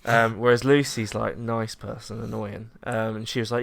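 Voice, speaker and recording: A young English man in casual podcast chat, animated, acting out the people in his story. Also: on the low side, a little fast, creaky. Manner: animated storyteller, acts out quotes, laughs often. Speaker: podcast co-host.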